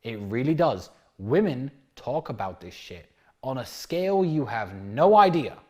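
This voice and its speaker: A man's voice: medium pitch, sing-song, a little slow, darkish tone. A man giving a blunt, crude motivational monologue about dating, acting out bits of dialogue along the way. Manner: acts out little dialogues in different voices. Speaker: dating and lifestyle talker.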